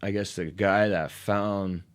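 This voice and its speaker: Low-voiced man telling a rambling story. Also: slow pace, smooth. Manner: rambling, lots of "like", animated retelling. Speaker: podcast guest, ramp builder. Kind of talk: casual storytelling chat.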